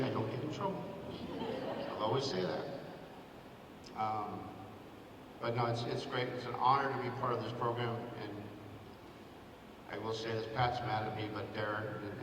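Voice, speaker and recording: A man in his fifties, a former athletic director, giving a sentimental hall of fame acceptance speech and thanking many people by name. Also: fairly low pitch. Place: school gym at a ceremony. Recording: echoey gym, picked up from far off, noisy.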